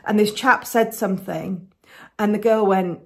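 A woman's voice: medium pitch, unhurried. A woman with an English accent hosting a podcast, chatting in a rambling way with restarts and laughs. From England. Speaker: podcast host and coloured pencil artist. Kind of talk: casual chat.

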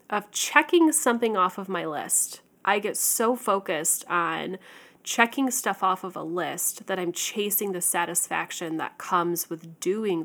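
A woman's voice: lowish voice, a bit bright. Candid, chatty woman podcast host. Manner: candid, chatty, with fillers and laughs. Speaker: podcast host and life coach. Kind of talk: podcast monologue.

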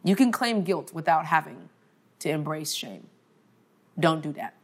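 A woman conference speaker gives an emphatic, conversational faith-based motivational talk, often asking the audience "okay?" and softening her voice on key points. Her voice sits low and is slightly rough, with lively intonation and an unhurried pace.

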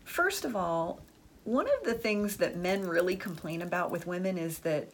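At medium pitch, this woman's voice is sing-song and unhurried with a breathy edge. Speaking on dating and relationships, she's chatty and frank, tells stories about friends, and often drops "like" and "the truth is."

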